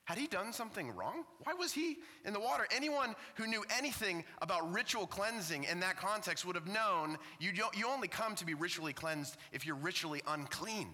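A man's voice: sits high, expressive, normal speed, sharp tone, in a large hall. A man preaching a sermon as pastor in a church, impassioned, asking the same questions again and again.

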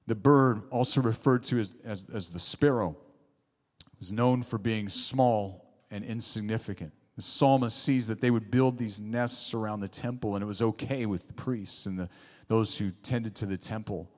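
A man's voice: lowish voice, normal speed, darkish tone. A man preaching a sermon in a church, emphatic, with rising exclamations and call-and-response asides to the congregation. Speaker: pastor. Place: church sanctuary. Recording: long hall reverb.

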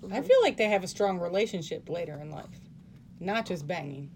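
A woman's voice: on the low side, very animated, fairly quick, creaky, a little mellow, a little hiss or hum. Dry-toned woman co-hosting a podcast. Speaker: podcast co-host. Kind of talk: casual movie recap chat.

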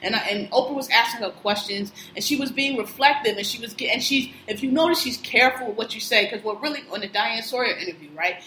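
A woman with a bright, forceful voice, chatting casually about pop culture. She talks in a loose, profane, animated way. The room sounds echoey, with a faint hum of ambience behind her. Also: on the high side, fast talker, few pauses.

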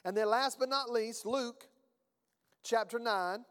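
A male pastor preaching a sermon, reading scripture aloud and swinging between emphatic bursts and quiet asides. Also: very high-pitched, takes it slowly, clean tone, in a large hall.

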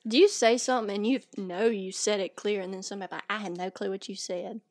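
A woman with a Southern US accent, co-hosting a podcast in casual chat, giggly and quick-talking with playful teasing. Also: medium pitch, fairly even intonation, a little mellow, dry recording, clean studio sound. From American South. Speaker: podcast co-host.

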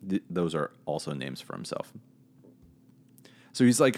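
A man with a fairly low voice leads a relaxed Bible lesson. He takes his time, moving slowly through each thought, and keeps it conversational with hedges and small self-corrections. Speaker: Bible teacher. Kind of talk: casual Bible teaching.

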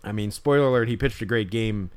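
A man's voice: on the low side, quick pace, darkish tone, clear, resonant tone. A man telling a story in casual podcast chat, rambling with lots of fillers and restarts.

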